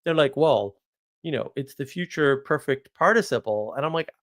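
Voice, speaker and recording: A man's voice: a little high, moderate pace. Sarcastic rambling American man. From United States. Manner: sarcastic, animated storytelling with mock outrage. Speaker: podcast host. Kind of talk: rambling casual monologue.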